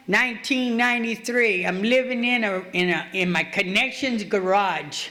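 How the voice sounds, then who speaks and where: A woman's voice: on the high side, normal speed, few pauses, pushed and bright. A middle-aged woman speaking at a recovery meeting, telling her story in a blunt, streetwise, profane way. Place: meeting hall.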